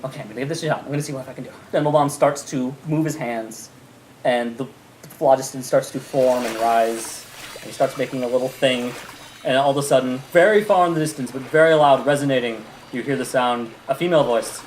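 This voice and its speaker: A man running a tabletop game, telling the scene in a loose, rambling way full of "um"s. His voice sits mid-range, and a steady noise hums behind the table talk. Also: medium pitch, a little fast, low-quality recording. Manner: relaxed, rambling with fillers and laughs. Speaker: game master.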